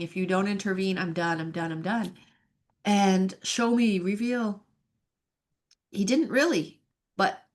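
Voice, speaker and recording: A woman in her fifties, a podcast guest, telling her personal faith story in an earnest, emotional way. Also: mid-range voice. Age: 50s. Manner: earnest and emotional, sighing and laughing at herself.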